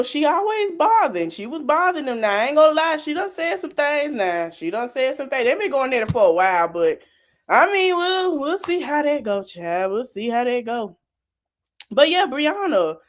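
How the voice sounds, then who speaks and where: Lively woman podcaster. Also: high-pitched. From South Florida. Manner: animated, laughing, slangy and teasing. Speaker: podcast host. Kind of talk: casual commentary.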